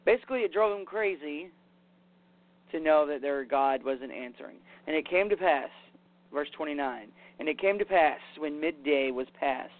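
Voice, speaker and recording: Man preaching casually over a tinny line. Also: medium pitch. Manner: conversational, paraphrases scripture with "basically" and "you know". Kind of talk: casual sermon with scripture reading. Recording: tinny phone-like sound.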